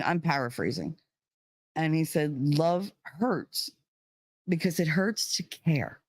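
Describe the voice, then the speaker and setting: A livestream host talking in a casual monologue, earnest and emphatic, with many fillers and key words stretched out slowly. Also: medium pitch, no echo.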